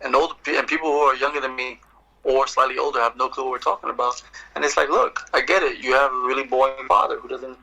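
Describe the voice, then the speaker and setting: Middle-aged man, bright tense voice, loose swearing podcast storyteller. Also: medium pitch, quick pace, gravelly, rough recording. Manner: animated, profane storyteller, acts out exchanges. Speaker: poet and guest. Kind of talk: casual podcast conversation.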